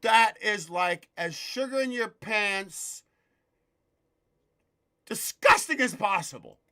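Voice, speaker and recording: A man hosting a loose live-stream show jokes, swears and greets viewers by name in casual chat. His high-pitched voice is expressive, bright and forceful, and he takes it slowly.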